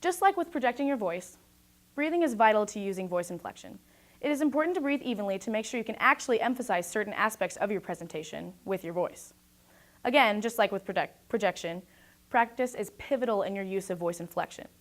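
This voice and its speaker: A young woman giving a scripted talk about presentation skills, speaking in a clear, projected and deliberate way. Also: mid-range voice, expressive.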